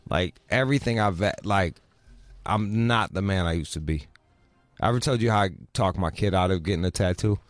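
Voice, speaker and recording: A middle-aged man talks bluntly and swears freely, slipping into mocking voices as he tells stories. His voice sits low. The sound is dry and close, with faint music playing underneath. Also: fairly quick, no echo. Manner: blunt, swears often, mimics voices in anecdotes. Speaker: podcast co-host. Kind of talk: casual profane chat.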